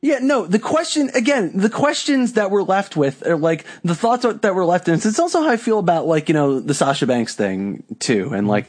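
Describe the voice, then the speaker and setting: A young man co-hosting a podcast in casual chat, ranting with lots of profanity and exasperation. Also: on the high side. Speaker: podcast co-host.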